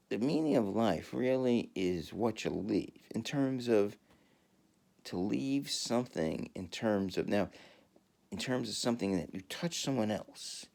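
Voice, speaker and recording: A man in a rambling, profane monologue who laughs often and swings from mumbling to shouting. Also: on the low side, gravelly. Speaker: video host.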